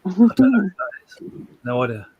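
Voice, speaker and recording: A man's voice: medium pitch, very animated, brisk, breathy edge, narrow, tinny audio. A man hosting a casual live stream from home, rambling, repeating words and chuckling as he reads out viewer comments.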